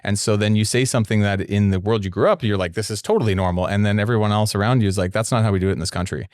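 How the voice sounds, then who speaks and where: A man from Canada hosting a casual interview, talking quickly with laughing, animated asides. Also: on the low side, no echo, studio quality. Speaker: podcast host.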